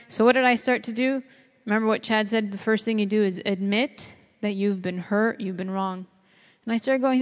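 A woman's voice: medium pitch, moderate pace. A woman telling her story as a spoken testimony, earnest and heartfelt, voicing her past self's words aloud. Her voice sits in a middle range and carries a long reverb, as if it fills a large hall. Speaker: guest speaker sharing testimony. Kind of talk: personal testimony talk.

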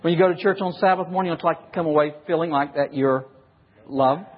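Husky preacher in a reverberant hall. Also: male voice, fairly high pitch, fast. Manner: questions the audience and acts out examples. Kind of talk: sermon to a congregation. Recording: dull recording with long hall reverb.

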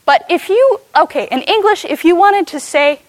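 A woman giving an animated class talk to a live audience, often asking them questions. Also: extremely high pitch, normal speed, no room sound. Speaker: speaker teaching cross-cultural ministry.

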